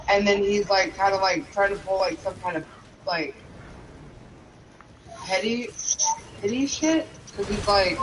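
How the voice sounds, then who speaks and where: High-voiced man, cursing, on a noisy line. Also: unhurried, pauses often. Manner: heavily profane, emotional retelling. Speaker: parent and game streamer. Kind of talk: casual storytelling.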